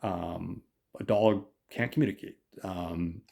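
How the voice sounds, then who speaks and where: A man's voice: deep voice, slow pace, creaky, warm tone, husky. A man hosting a podcast, casually recapping an episode in a hesitant way with many fillers. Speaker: podcast host.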